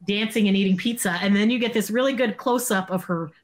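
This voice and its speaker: A woman co-hosting a casual chat, retelling a TV episode with lively acted-out lines and some swearing. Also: mid-range voice, quick pace. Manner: animated retelling, acting out characters' lines, swearing. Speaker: podcast co-host.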